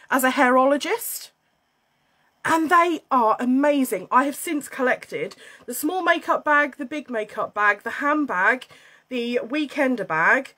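British woman, bubbly and scatty, high voice, chats live at home on her phone. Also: bright, forceful tone. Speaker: livestream host selling beauty and wellness kits. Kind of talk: casual livestream chat.

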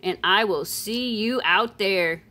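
A woman casually chatting as she unboxes silver pieces, playful and chatty, breaking into excited squeals and sing-song calls. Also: mid-range voice, slow pace. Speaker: silver coin collector vlogger.

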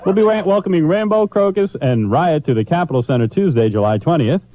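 Playful, lively man on radio. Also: fairly high pitch, a little fast, a little hiss or hum. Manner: playful, mock-sentimental, self-mocking. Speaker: radio disc jockey. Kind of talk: joking morning radio banter. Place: radio studio. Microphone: studio microphone. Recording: muffled old radio aircheck.

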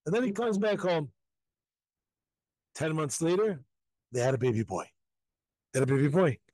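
A man's voice: a little high, very animated, moderate pace, darkish tone, no echo, rough recording. A man, a rabbi, telling a story live at a crowded outdoor pilgrimage site, emphatic and repetitive, acting out the quotes.

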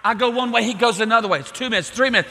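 A middle-aged man preaching a sermon, telling a story with lively acted-out voices. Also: extremely high pitch, rapid-fire. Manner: animated storytelling, acting out voices. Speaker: pastor. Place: church sanctuary. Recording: reverberant church hall.

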